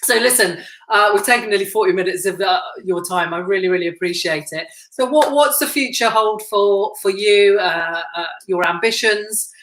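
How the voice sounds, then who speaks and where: A woman's voice: medium pitch, moderate pace, hardly any pauses, a bit bright, reverberant, a little hiss or hum, low-quality recording. A woman podcast host, chatty and a bit hesitant, laughing easily as she asks questions. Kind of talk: podcast interview.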